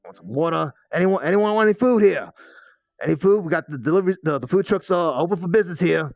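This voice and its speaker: A man's voice: on the high side, expressive, fast, dry recording, lo-fi sound, faint music behind. A man voicing a brusque male food truck vendor with a put-on New York accent, calling out to customers in a role-play game. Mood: hawking. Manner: brusque, repeats "listen" and "kid".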